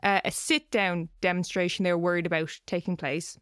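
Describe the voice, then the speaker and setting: A woman's voice: on the low side, steady tone, brisk, fairly bright tone, clean tone, no room sound, clean studio sound. A woman co-hosting a podcast, telling a story in a loose, chatty way and swearing casually. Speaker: podcast co-host.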